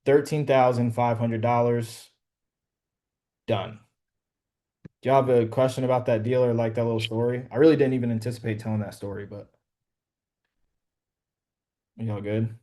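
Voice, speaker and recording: A man's voice: mid-range voice, fairly even intonation, moderate pace, long pauses, warm tone. A man casually telling a story to a group on a call, slangy and profane, full of "bro" and "like". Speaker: real estate wholesaler coaching a group.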